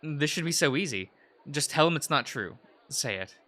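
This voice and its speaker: A man's voice: a little high, animated, normal speed, pushed and bright. A man voicing a blunt teenage girl narrator. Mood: upset. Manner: narrating in first person, tearful and earnest. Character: teenage girl protagonist, blunt, fed up with boys.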